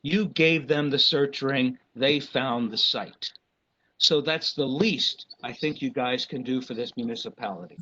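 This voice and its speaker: A man's voice: medium pitch, pushed and bright. Impassioned man at a public meeting. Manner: impassioned, apologetic, halting restarts. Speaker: RF engineer consultant. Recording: dull lo-fi meeting recording.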